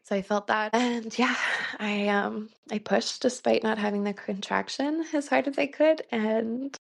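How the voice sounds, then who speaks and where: A woman's voice: fairly high pitch, unhurried, creaky. A woman in her thirties telling a personal story in a podcast interview, earnest, with many "like" fillers and frequent laughs. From Canada. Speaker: guest.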